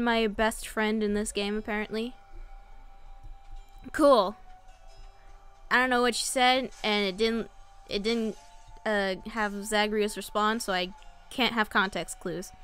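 A woman's voice: fairly high pitch, fairly bright tone. A woman hosting a let's play, chatting playfully with viewers and swearing freely as she plays. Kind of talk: casual gameplay commentary.

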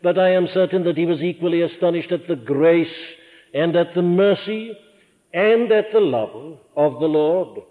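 An older man with a Welsh accent preaching a sermon, earnest and fervent, rising in emphasis and dropping low for quiet lines. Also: normal speed. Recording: tinny archival church sermon recording with long hall reverb.

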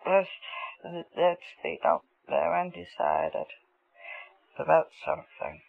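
A woman recounting a memory under hypnosis, speaking in a halting, hesitant way, repeating words as she relives events in the present tense, heard on an old archival tape. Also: low-pitched, fairly even intonation, vocal fry, dry recording, narrow, tinny audio.

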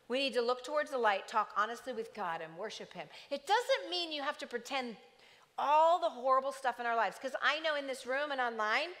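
A woman pastor preaching a sermon in a church, lively, with joking asides to the congregation. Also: sits high. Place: church sanctuary. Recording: church hall reverb.

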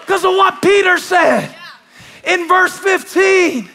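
A man preaching a sermon to a church crowd, starting hushed and building to shouting, repeating lines for emphasis. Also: extremely high pitch, expressive, takes it slowly, creaky, a little hiss or hum. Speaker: pastor. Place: large church auditorium.

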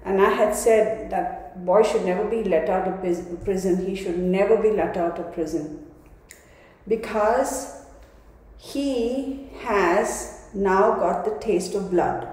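Speaking slowly at a medium pitch with a darkish tone, a woman reads tarot for her audience. It's a casual, wandering monologue full of emphasis and frequent restarts, captured in a room that echoes with long reverb.

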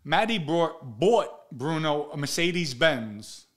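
A man's voice: fairly high pitch, very animated, slow pace. Blunt, profane New man telling stories. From the Bronx, New York. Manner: blunt, profane, acts out quotes in a raised voice. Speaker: show host telling stories. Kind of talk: casual storytelling monologue.

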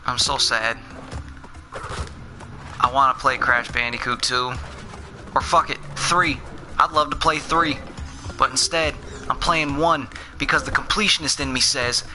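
A man's voice: mid-range voice, measured pace, pauses often, over music. A young man streaming gameplay live, ranting and swearing in tired frustration. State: frustrated and worn out.

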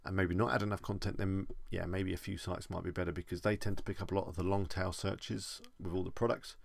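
A man's voice: deep voice, flat delivery, quick pace, vocal fry, dry recording. A man with an English accent, chatting casually as he answers viewer questions on a live stream.

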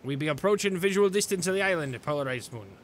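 A man's voice: fairly high pitch, animated, fast talker, slight background noise, natural voice. A man voicing a salty pirate captain in a growly pirate drawl, reading game dialogue. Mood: gruff. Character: gruff male pirate captain, salty and stern.

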